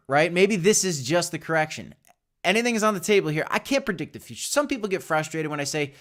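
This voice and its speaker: Speaking fairly fast with an animated, fairly bright and slightly high voice, a man runs a live crypto stream. His casual commentary is blunt and aimed right at viewers, full of restarts and self-corrections.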